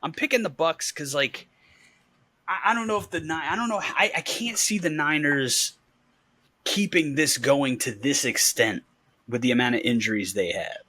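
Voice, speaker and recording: A man's voice: on the high side, animated, moderate pace, bright, forceful tone, no room sound. Easygoing man talking football, dry sound. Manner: easygoing, rambling, laughs often. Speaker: podcast co-host. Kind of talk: casual sports chat.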